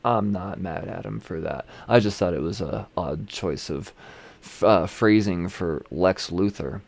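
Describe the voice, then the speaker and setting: A man's voice: deep voice, measured pace, gravelly, darkish tone. A man casually recapping a comic issue, rambling, swearing freely and chuckling as he goes. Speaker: comic book reviewer.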